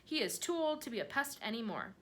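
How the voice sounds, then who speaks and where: A woman voicing a boastful, rascally male centipede who shrieks and cackles in fast bursts for a storybook. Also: a little high, big pitch swings, a bit bright, voice pushed up. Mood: boisterous.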